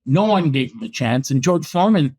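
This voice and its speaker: Animated storytelling man from Canada. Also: fairly high pitch, a little fast. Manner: animated anecdotes, frequent restarts and acted quotes. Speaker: boxing historian and author. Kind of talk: storytelling in a podcast interview.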